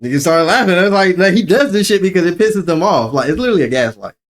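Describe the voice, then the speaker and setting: Young male co-host, slightly high voice, rambling, teasing. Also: expressive, fast. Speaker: podcast co-host. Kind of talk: casual chat.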